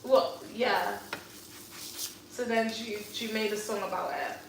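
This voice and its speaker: A woman's voice: medium pitch, slow pace. A young woman chatting casually with a friend, a gossipy storyteller full of slang and swearing. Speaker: friend of the host. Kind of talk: casual chat. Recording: distant, echoey room with steady background noise.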